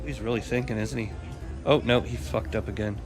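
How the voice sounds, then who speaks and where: A man's voice: mid-range voice, fairly even intonation, fairly quick, music in the background. A man casually live-streaming a role-play game, swearing and joking as he prods the story along. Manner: swears freely, frustrated, joking.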